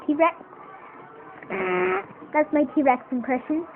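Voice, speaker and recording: A woman's voice: high-pitched, moderate pace. A woman talking casually and playfully, poking fun at herself while showing a homemade puppet. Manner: playful, self-mocking. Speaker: puppet maker. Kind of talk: casual homemade craft video. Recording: tinny phone-like audio, faint noise.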